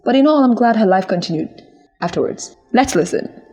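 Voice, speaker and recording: A young woman hosting a podcast, talking in an earnest, encouraging way with lively swings in her voice. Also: on the high side, brisk, faint music behind. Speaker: podcast host. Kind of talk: casual monologue.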